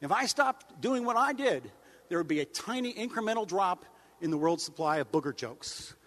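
Guy with a pretty high voice doing a dry rambling comic speech, big hall echo. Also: moderate pace. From United States. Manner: deadpan, wry, rambling asides with mock-outraged jumps in pitch. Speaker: humorist giving a speech. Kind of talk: stand-up style speech to an audience. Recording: long hall reverb.

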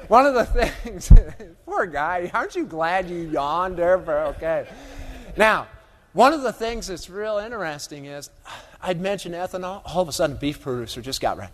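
A man's voice: high voice, lively intonation, normal speed, fairly bright tone. A man giving a humorous, folksy keynote talk on agricultural economics to a live audience, full of stories and asides. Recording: long hall reverb.

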